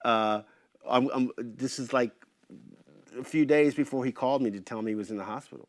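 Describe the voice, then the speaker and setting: A middle-aged man as an interview guest, telling casual stories in an animated way, swearing freely and acting out what others said. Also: mid-range voice, brisk, dry recording. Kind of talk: casual storytelling.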